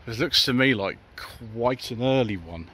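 A man's voice: mid-range voice, a little slow, pushed and bright, slightly rough. A British man hosting a car channel, chatting enthusiastically to viewers as he walks along the street spotting cars. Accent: British English. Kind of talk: walking car-spotting vlog. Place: outdoors on town streets. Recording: outdoor street noise.

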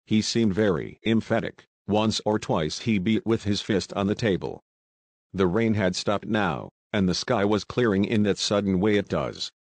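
Male audiobook narrator, low voice, dry close recording, steady storytelling. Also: moderate pace, no room sound. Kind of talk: audiobook reading.

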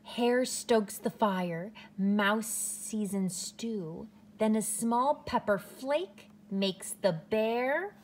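A woman reading a picture book aloud to a child in a gentle, drawn-out way with soft whispered passages. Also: mid-range voice, a little hiss or hum. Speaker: storytime reader.

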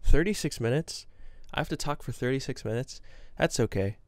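A man's voice: medium pitch, brisk, dry recording. A young man chatting casually to his camera, telling rambling, self-deprecating stories about work and games. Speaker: gaming vlogger. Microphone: camera with green screen.

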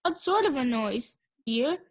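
A woman's voice: high-pitched, animated, measured pace, husky, full character voice. A woman doing a drowsy, formal husband. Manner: sleepy, formal.

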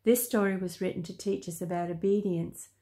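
An Australian woman reading a children's story and a devotion in a calm, measured manner. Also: lowish voice. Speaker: church story reader.

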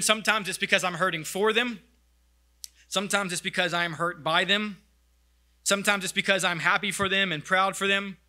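A man's voice: high voice, pushed and bright. A man preaching a sermon as pastor, earnest and reflective.

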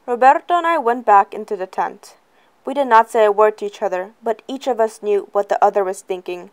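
A woman reading a first-person novel aloud in a plain, even way. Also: mid-range voice, smooth. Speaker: reader.

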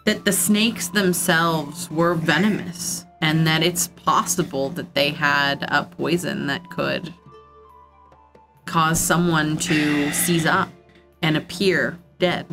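A woman's voice: sits low, steady tone, takes it slowly, music in the background. A woman narrating a tabletop game as game master in a plain, matter-of-fact way.

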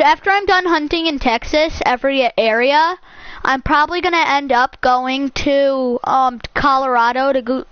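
A woman giving casual, excitable commentary while playing a hunting game, repeating words as she talks. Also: high voice, smooth, no echo. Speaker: gaming channel host. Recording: muffled lo-fi sound.

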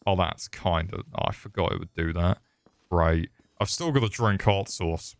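Brief: young male streamer, lowish voice, rambling, swears constantly, jokes at himself. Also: moderate pace, no echo. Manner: profane, rambling, jokey. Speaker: gaming streamer. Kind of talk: casual livestream commentary.

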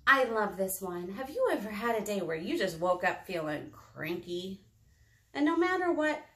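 Animated woman leading children's storytime. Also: medium pitch. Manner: animated and encouraging, talking to young children. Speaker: children's librarian. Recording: roomy echo.

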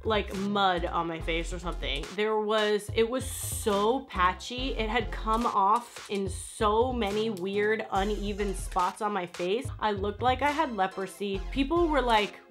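Bright, animated woman vlogger. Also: medium pitch, a little slow, few pauses, faint music behind. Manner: animated, blunt, swears when annoyed. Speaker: beauty vlogger. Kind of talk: casual product review to camera.

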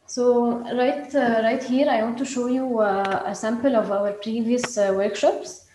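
A woman giving a startup pitch presentation, hesitant, with many fillers and restarts. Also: steady tone, measured pace, a little mellow, roomy sound, slight background noise, rough recording.

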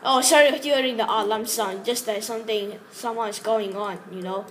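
A woman's voice: fairly high pitch, steady tone, normal speed, slight background noise. A woman giving casual gameplay commentary in rambling, broken English, chatting to herself and the viewers as she plays. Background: game music.

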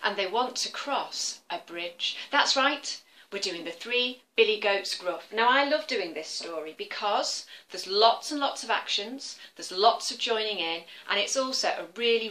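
A woman storyteller telling an interactive tale for children, animated and encouraging them to join in. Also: mid-range voice, poor audio.

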